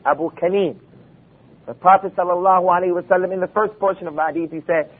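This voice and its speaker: A man's voice: high voice, fairly even intonation, fast talker. A man giving an Islamic lecture, emphatic and full of rhetorical questions, quoting Arabic texts. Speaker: preacher. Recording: phone-like lo-fi recording.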